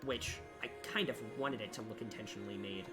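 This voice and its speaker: Music plays and keys clatter behind a young adult student who streams his level-design work. His fairly quick, lowish voice carries casual chatter and self-mocking mutters about his progress.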